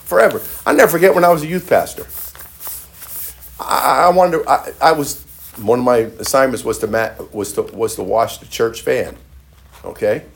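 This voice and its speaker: A man's voice: mid-range voice, moderate pace, vocal fry, slightly rough. A male pastor preaching a sermon emphatically, with repeated phrases and frequent restarts.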